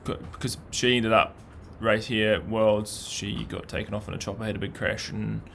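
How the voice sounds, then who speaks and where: A man's voice: lowish voice, level tone, normal speed, creaky, fairly bright tone, slight background noise. A man chatting casually about a race, hesitant and thoughtful with many fillers. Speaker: downhill racing pundit. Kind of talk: casual chat.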